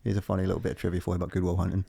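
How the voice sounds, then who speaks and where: A man's voice: deep voice, monotone, very fast, creaky, warm tone. A man co-hosting a podcast, rambling from tangent to tangent in casual, sweary chat. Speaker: podcast co-host.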